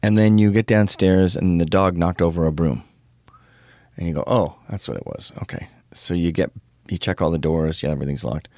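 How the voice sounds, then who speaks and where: A man's voice: low voice, fairly quick, a little mellow, no echo, studio quality. A middle-aged man hosting his own show, telling crude stories in a ranting casual monologue. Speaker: show host.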